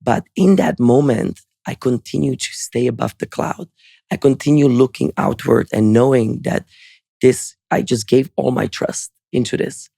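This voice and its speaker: A man's voice: mid-range voice, normal speed, vocal fry, mellow, breathy edge, no echo, studio quality. A man, telling his story earnestly and reflectively as a podcast guest. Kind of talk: storytelling interview answer.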